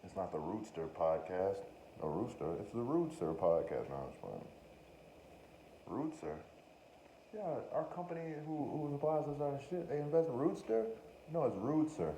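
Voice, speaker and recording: A man's voice: mid-range voice, very animated, normal speed, creaky, mellow. A man hosting a podcast, riffing in a rambling, profane, joking monologue, often breaking off to say he is only playing. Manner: profane, joking, self-interrupting. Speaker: podcast host. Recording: roomy echo with faint room noise.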